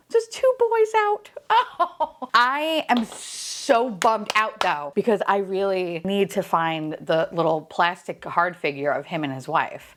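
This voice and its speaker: A woman vlogging a toy unboxing in casual chat, excitable and profane, swinging from deadpan grumbling to squealing delight. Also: mid-range voice.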